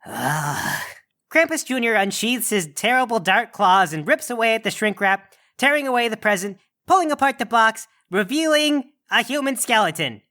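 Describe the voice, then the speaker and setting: Bright, animated game master man. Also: extremely high pitch, normal speed, few pauses. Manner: animated, comic. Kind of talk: narrating a tabletop game.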